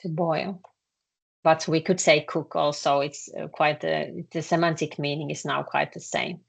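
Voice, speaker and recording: A woman with a Finnish accent teaching a language lesson, speaking haltingly with many filler sounds and repeating words as she explains. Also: deep voice, level tone, gravelly.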